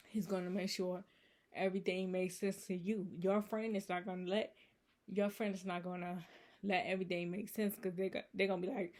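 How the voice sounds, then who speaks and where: Woman, casual faith vlog, earnest, rambling, lowish voice. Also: a little mellow. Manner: rambling, earnest, many fillers like "you know" and "so it's like". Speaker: channel host.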